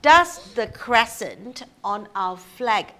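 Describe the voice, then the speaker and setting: A woman's voice: on the high side, lively intonation, very slow, bright, forceful tone. A woman hosting a live show in casual chat, playful and joking. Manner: playful, jokey, upbeat. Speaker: host.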